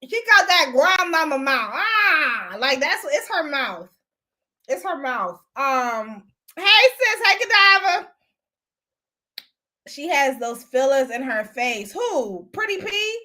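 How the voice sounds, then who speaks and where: A woman's voice: high voice, very animated, slow, pushed and bright. A woman hosting a casual live stream, gossiping bluntly and profanely while she greets and answers viewers. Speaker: host.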